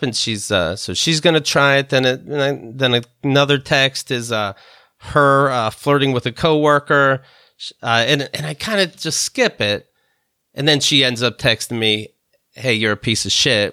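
A man's voice: medium pitch, sharp tone, no room sound, clean studio sound. A man hosting a podcast in casual chat, rambling and swearing freely with many restarts and fillers. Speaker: podcast host.

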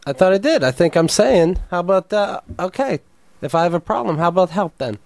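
A man defending himself in an argument with his girlfriend, halting and defensive. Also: high voice, lively intonation, creaky, dry recording. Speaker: boyfriend in a couple's argument. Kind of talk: heated couple argument.

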